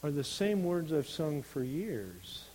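A man preaching a sermon in an earnest, unhurried way, building to emphatic stresses on key words. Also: a little high, big pitch swings, dark tone, a little hiss or hum, poor audio.

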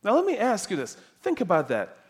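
A man preaching a sermon, emphatic and animated, dropping soft and then rising loud. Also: high voice, fairly quick, slightly rough.

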